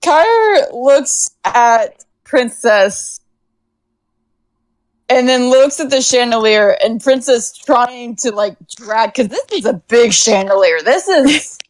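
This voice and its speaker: Lively, animated woman game master, fairly high. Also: poor audio. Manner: laughing, lively. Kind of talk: narrating a tabletop game.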